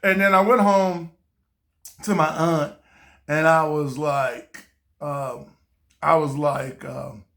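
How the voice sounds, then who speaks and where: A young man from a small town tells a story straight to camera, casual and animated. His voice is bright and forceful, and he laughs often as he acts out the people in his tale. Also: a little high, takes it slowly, gravelly, long pauses. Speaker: vlogger.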